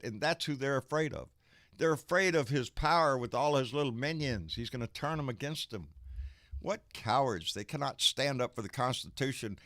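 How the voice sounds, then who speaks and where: A man's voice: medium pitch, fairly bright tone, dry recording, clean studio sound. A man from Texas hosting a political livestream, ranting angrily with plenty of profanity and calling guests in. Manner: angry, profane, emphatic ranting. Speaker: live stream host. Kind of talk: political rant and casual chat.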